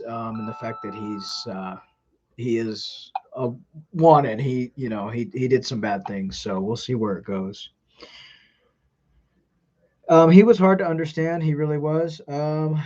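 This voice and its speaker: A man's voice: mid-range voice, a little mellow, dull audio. A man hosting a live stream, talking casually and rambling with many ums.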